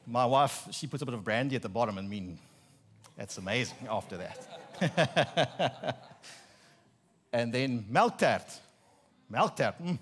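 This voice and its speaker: A man in his thirties with a South African Afrikaans accent, an Afrikaans native speaker, preaching with humorous, animated storytelling and mock-incredulous asides. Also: mid-range voice, unhurried, pauses often. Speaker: pastor. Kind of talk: sermon.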